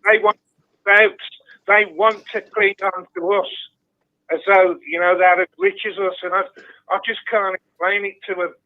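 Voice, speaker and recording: A man's voice: sits high, fairly even intonation, normal speed. A man with a Birmingham accent calling into a football chat show, blunt and ranting, swearing freely. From Birmingham, England. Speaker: phone-in caller. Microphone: telephone. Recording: tinny phone line.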